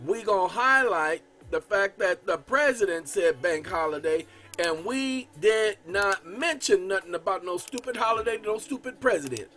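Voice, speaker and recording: This channel host explains a legal document in a casual way while editing it on screen, calling his audience y'all. He speaks emphatically, hits key words when reading the legal text aloud, and often stammers and starts over. His high-sitting voice is expressive, pushed and bright at normal speed, with faint music behind.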